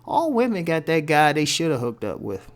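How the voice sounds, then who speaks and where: A man's voice: fairly high pitch, wildly swooping pitch, normal speed. Blunt, joking man giving relationship advice. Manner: blunt, tough-love, joking. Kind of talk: casual advice monologue.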